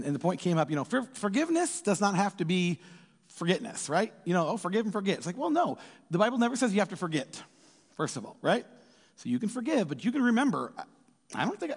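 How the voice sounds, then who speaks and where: Man preaching a lively casual sermon. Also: sits high, slightly rough. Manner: lively, acts out quotes in different voices. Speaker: pastor. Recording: reverberant hall.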